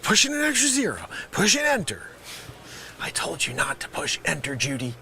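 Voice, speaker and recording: A man improvising a comedy sketch as a fake phone scammer, insulting his caller, swinging from shouting to muttering, in a put-on New York accent. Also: a little high, wildly swooping pitch, normal speed, creaky, slight background noise.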